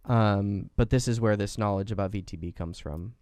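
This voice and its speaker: A man co-hosting an interview podcast, relaxed and asking guiding questions between short affirmations. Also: lowish voice, moderate pace, no room sound. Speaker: podcast co-host. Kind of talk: casual interview talk.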